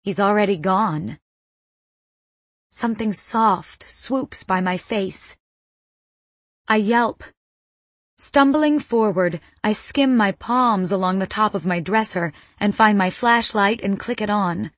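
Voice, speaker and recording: Woman reading a suspense novel aloud, slow and measured, dry close mic. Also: medium pitch, no room sound. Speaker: audiobook narrator. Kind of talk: first-person novel narration.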